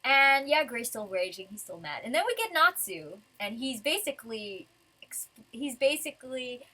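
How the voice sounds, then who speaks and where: A young woman with a bright, forward voice and a slightly high pitch rambles excitedly through a comic review. Her talk is loose and gushing, with casual cursing thrown in. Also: normal speed. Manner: rambling, excitable fan commentary with casual swearing. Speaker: manga reviewer.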